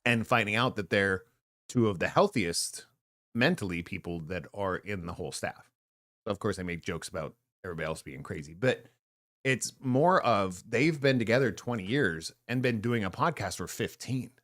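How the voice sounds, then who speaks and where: A man's voice: fairly low pitch, animated, normal speed, fairly bright tone, dry recording, clean studio sound. A middle-aged man co-hosting a casual podcast, chatting in a rambling, joking way and often trailing off mid-thought. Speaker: podcast co-host. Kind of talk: casual chat.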